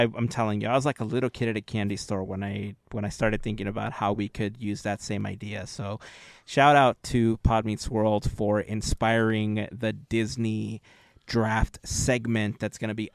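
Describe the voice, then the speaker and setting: A man co-hosting a podcast, talking casually and enthusiastically as he pitches ideas. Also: flat delivery, moderate pace, creaky, no echo. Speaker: podcast co-host. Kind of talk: casual chat.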